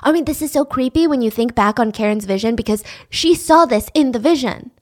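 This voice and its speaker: A woman hosting a podcast, telling a true-crime story in a casual, animated way and acting out the people in it. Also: on the high side, fairly quick. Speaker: podcast host.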